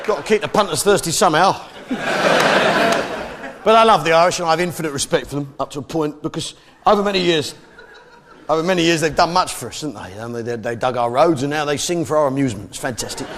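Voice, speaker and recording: Brash, high-pitched stand-up comedian. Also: male voice, fast talker, noisy background. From Britain. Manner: brash, swaggering, mock-patriotic. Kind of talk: stand-up routine.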